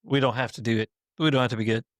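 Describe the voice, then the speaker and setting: A man's voice: mid-range voice, fairly even intonation, very fast, no room sound, studio quality. A man hosting a podcast, chiming in with short affirming remarks. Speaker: podcast host. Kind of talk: conversational podcast.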